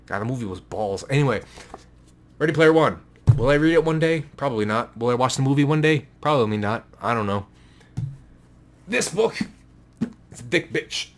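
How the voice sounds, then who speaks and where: Speaking at a brisk pace with a medium-pitched voice, a man chats casually on camera at home about his book collection. He wanders, self-corrects, and comes across as offhand and slightly crude, while a distracting noise sounds indoors.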